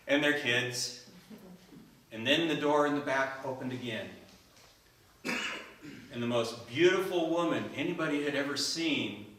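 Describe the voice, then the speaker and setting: A man giving a told story speech at a speaking club, animated, acting out characters, recorded in an echoey room from far off. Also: medium pitch. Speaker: Toastmasters speaker.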